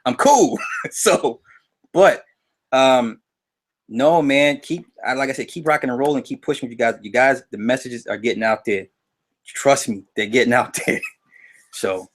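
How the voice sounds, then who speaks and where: A man guesting on a casual live-stream interview, talking in a relaxed, humble, rambling way. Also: mid-range voice, normal speed. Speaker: guest YouTuber.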